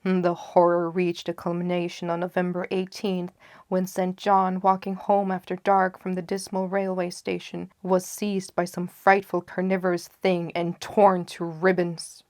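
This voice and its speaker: A woman reading a gothic horror story aloud in a hushed, often half-whispered voice with slow, dramatic pacing. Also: on the low side, completely flat delivery, no echo, studio quality. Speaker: audiobook narrator.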